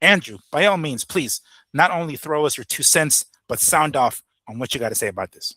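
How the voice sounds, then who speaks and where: A man's voice: fairly high pitch, lively intonation, brisk, pushed and bright, no room sound. A man co-hosting a fight news show, talking casually with lots of fillers, restarts and swearing. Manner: rambling, many fillers and restarts. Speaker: boxing show co-host. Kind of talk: casual profane news chat.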